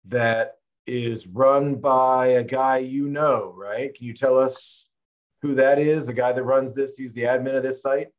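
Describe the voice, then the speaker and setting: A man co-hosts a casual podcast, talking in a loose, rambling way. His voice sits at an ordinary middle pitch for a man. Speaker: podcast co-host. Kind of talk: casual chat.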